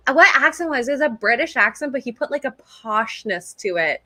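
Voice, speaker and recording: Giggly woman cohost, bright punchy voice, super dry mic. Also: high-pitched, animated, normal speed, no room sound. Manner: playful, giggly, enthusiastic. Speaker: co-host. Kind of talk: casual reaction chat.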